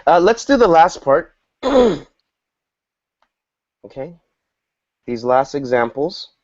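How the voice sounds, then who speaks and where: A man teaching an English lesson to a small group, explaining slowly and patiently and acting out example dialogues. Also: fairly high pitch, very animated, darkish tone. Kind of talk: online group language lesson. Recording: dull lo-fi audio.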